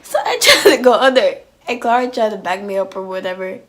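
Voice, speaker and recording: A woman telling a personal story on her vlog in an animated, slangy way, full of "like"s and restarts. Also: medium pitch, a little fast. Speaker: vlogger.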